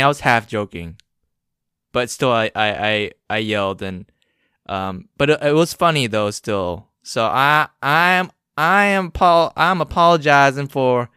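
Smooth, lively man joking on a podcast. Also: a little high, no room sound, studio quality. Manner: joking, animated, sings a mock apology song. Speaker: podcast co-host. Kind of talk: casual chat.

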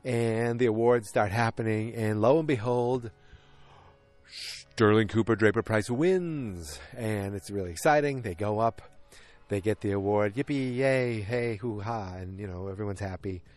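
A man with a lowish voice talks off the cuff outdoors on a windy evening. He rambles and riffs through a recap, jumping into the characters' lines as he goes. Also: measured pace, darkish tone. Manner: chatty, riffing, acts out characters' lines. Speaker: vlogger recapping a TV episode.

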